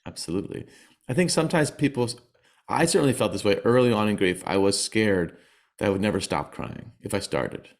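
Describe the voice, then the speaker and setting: A middle-aged man talking as a podcast guest, in a halting way with many restarts and small laughs between words. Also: fairly low pitch, lively intonation. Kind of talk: conversational interview.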